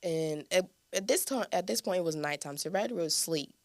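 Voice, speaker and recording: A young woman hosting a podcast, telling a personal testimony in an animated, conversational way and often turning to her listeners. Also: fairly low pitch, fast, no room sound, clean studio sound. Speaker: podcast host. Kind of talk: casual testimony storytelling.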